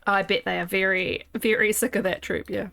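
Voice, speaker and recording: A woman's voice: mid-range voice, fairly even intonation, moderate pace, gravelly, sharp tone, slight background noise. A woman with a New Zealand accent chatting casually to her viewers while streaming a game, laughing often. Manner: chatty, laughs often, talks to chat and herself. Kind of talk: casual chat while playing.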